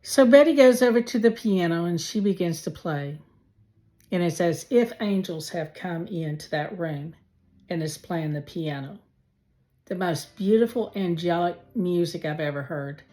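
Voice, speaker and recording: Slow, low-voiced woman giving testimony. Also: lively intonation, dark tone, faint music behind. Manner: slow, heartfelt storytelling with pauses. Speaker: testimony speaker. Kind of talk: personal faith testimony.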